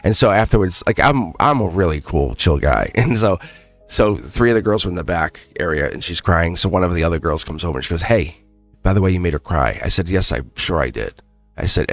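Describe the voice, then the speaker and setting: A man's voice: sits low, no echo. A man hosting a live tarot reading stream, telling rambling stories and coaxing viewers in a casual, earnest way. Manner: rambling, animated storytelling with many restarts. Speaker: schoolteacher.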